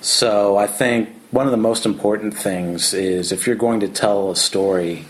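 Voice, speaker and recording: A man with a very low voice speaks in a measured, reflective way during a casual podcast chat. He takes his time to lay out his thoughts. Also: steady tone, poor audio. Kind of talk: casual book discussion.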